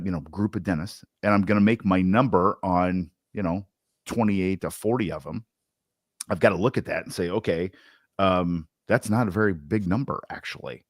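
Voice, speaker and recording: A man with a Southern Indiana accent and a very low voice co-hosts a sales podcast. He talks loosely and with energy, full of slang and restarts. The sound is dry and close. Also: dry recording. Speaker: podcast co-host. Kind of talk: casual sales podcast chat.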